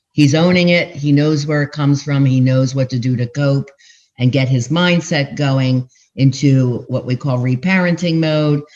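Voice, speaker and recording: An older woman relationship coach explaining her methods to podcast hosts, telling stories animatedly with pitch jumps for emphasis. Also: darkish tone. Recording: dull, muffled sound.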